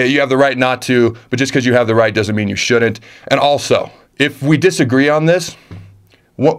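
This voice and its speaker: A man in his thirties, a former football player, reading fan questions and answering them in a casual, emphatic way that repeats phrases for punch. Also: medium pitch.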